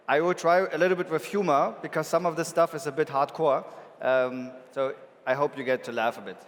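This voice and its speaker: A man's voice: a little high, big-room sound. A man with a German accent giving a casual, joking conference talk, with lots of filler ums. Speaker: conference speaker. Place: large conference hall.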